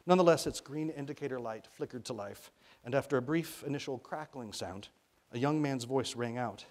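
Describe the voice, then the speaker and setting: A middle-aged man from Arkansas reads his children's novel aloud, unhurried and expressive. His voice sits at an ordinary pitch, and he lets the narration flow like a practiced storyteller. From Arkansas, USA. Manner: expressive storytelling, briefly voicing characters. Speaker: author reading his own book. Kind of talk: reading a children's novel aloud at a public event.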